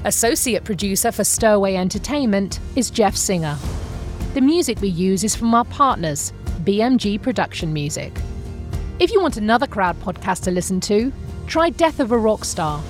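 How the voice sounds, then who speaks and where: A woman hosting a podcast, who asks questions and reads the credits in a clear, measured way. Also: mid-range voice, expressive, faint music behind. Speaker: podcast host. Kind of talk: interview questions and scripted credits.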